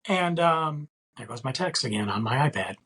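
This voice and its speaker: A man's voice: medium pitch, expressive, moderate pace, a bit bright, breathy edge, rough recording. A middle-aged man hosting a casual solo podcast, telling a story in a rambling way with lots of fillers. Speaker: podcast host.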